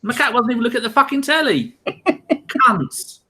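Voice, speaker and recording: A man on a casual podcast, ranting in an animated way with heavy swearing. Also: extremely high pitch, brisk, breathy edge. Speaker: podcast co-host.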